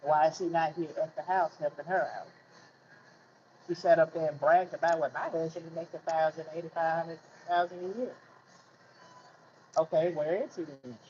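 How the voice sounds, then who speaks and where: A man's voice: on the high side, fairly even intonation, normal speed, long pauses, a little mellow. A man telling a personal story in a casual vlog rant, asking rhetorical questions and repeating himself in colloquial speech. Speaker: vlogger. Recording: muffled lo-fi with faint hiss.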